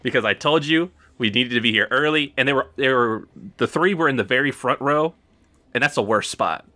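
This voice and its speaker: A young man talks casually while gaming. His voice is bright and punchy, and he tells stories in a loose, rambling way, full of fillers and laughter. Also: mid-range voice, brisk. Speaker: gaming channel host. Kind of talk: casual chat while playing a game.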